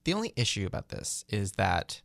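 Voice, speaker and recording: A man's voice: on the low side, a little fast, vocal fry, dry recording. A young man hosting a casual chat show, telling a story with lots of energy and acting out the voices in it. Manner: animated, acts out voices in his stories. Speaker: podcast host.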